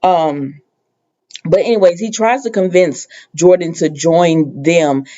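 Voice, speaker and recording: A woman casually recapping a TV episode, her voice warm and mellow. She rambles through it with frequent ums, false starts and the occasional exasperated aside. The sound is a bit dull and lo-fi. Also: lowish voice, slow pace. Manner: rambling, full of ums and restarts; conversational, sometimes exasperated asides. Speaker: TV recap host.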